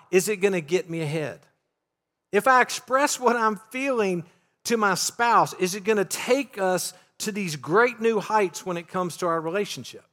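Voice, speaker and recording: A man's voice: high-pitched, fairly bright tone. A man preaching a sermon as pastor, in a conversational tone full of rhetorical questions to his listeners. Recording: long hall reverb.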